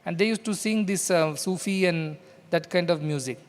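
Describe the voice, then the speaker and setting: A man's voice: high voice, normal speed. A man from India, a spiritual teacher, giving an explanatory discourse and acting out what a child says. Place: large hall. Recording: hall reverb.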